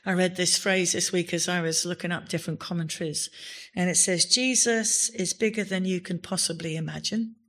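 A woman's voice: lowish voice, steady tone, normal speed, a bit bright. A woman pastor giving a sermon in a church, speaking with emphasis and rising to exclamations on key words.

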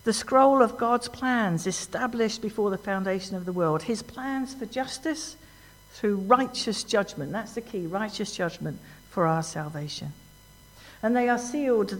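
A woman preaching a sermon in a church, animated and emphatic, often asking the congregation questions. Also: mid-range voice, normal speed. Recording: long hall reverb.

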